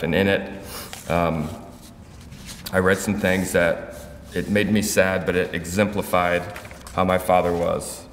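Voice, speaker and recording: A man with a very low voice delivers an emotional eulogy, pausing and restarting as he speaks. His words ring out with the long reverb of a big hall. A faint room hum sits underneath. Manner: emotional, halting, heartfelt. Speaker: son giving a eulogy. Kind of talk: funeral tribute speech. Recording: echoey hall from far off, faint ambience.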